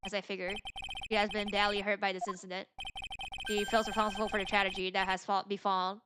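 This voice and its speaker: A woman's voice: medium pitch, level tone, fast talker, background noise, lightly acted. A woman reading as a thoughtful young lawyer. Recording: loud game music behind.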